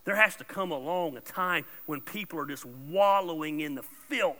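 A man preaching a sermon as pastor, blunt and informal, swinging between loud emphatic bursts and soft asides. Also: fairly high pitch, moderate pace. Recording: long reverb of a large hall.

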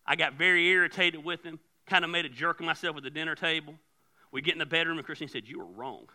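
A man preaching a sermon as pastor, animated, often repeating words as he starts a phrase. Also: a little high, fast. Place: church.

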